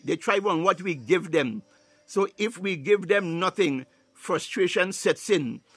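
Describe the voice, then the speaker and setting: Man preaching a sermon, fervent, speaks in tongues, fairly high voice, dry sound. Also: fairly bright tone, dry recording. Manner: preaching with frequent "hallelujah" and "ah, my God" interjections.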